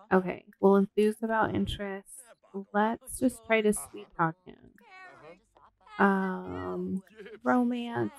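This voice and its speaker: A woman hosting a let's play, commenting in an excitable, giggly and crude way. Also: medium pitch, slow pace, creaky. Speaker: gaming video host.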